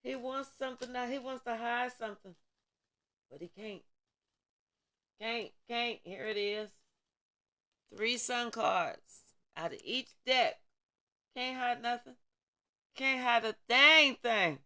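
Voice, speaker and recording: A woman's voice: on the high side, takes it slowly, long pauses, bright, forceful tone. A woman giving a spiritual tarot reading in an emphatic, preachy way, with a lot of repetition and profanity. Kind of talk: tarot reading vlog, spiritual pep talk.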